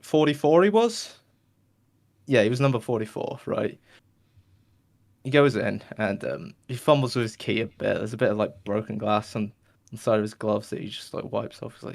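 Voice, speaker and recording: A man with a gravelly, creaky voice at an ordinary pitch tells a long shaggy-dog joke on a podcast. He rambles, keeps asking "right?", and makes whooshing noises for the story. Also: normal speed, long pauses. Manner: tags lines with "right?", restarts often, makes whooshing sound effects.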